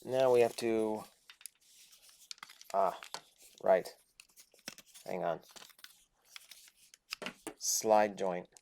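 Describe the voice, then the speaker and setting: A man's voice: on the low side, very slow, creaky, pauses often, background noise. Chatty man reviewing a toy. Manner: chatty, thinking aloud while handling the toy. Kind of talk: casual toy review while transforming a figure.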